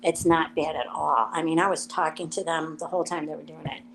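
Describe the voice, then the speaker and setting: A woman's voice: deep voice, fairly quick, rough recording. Woman, casual storyteller, acts out quotes, faint hum behind. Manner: animated storyteller, acts out quotes, laughs often. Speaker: live stream guest.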